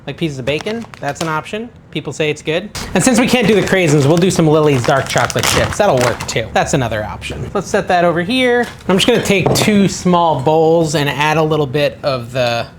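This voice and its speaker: A man's voice: fairly high pitch, expressive, fairly quick, few pauses, background noise. A man hosting a casual home cooking vlog, chatting and thinking aloud in his kitchen with a self-deprecating manner. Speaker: cooking channel host.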